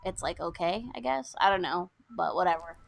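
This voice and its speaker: A woman's voice: lowish voice, lively intonation, brisk, vocal fry, crowd noise. A young woman co-hosting a podcast, casually retelling a film's plot and acting out the characters' lines. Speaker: podcast co-host. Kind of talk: casual chat recapping a film.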